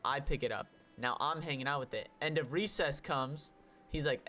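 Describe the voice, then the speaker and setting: A young man co-hosting a podcast, telling a story in a casual, animated way and swearing often. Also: medium pitch, brisk. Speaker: podcast co-host.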